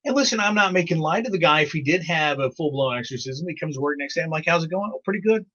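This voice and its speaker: A man's voice: on the high side, fast talker, pushed and bright. A middle-aged man hosting a radio morning show, telling rambling stories in casual on-air banter and chuckling often. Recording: muffled lo-fi live stream audio.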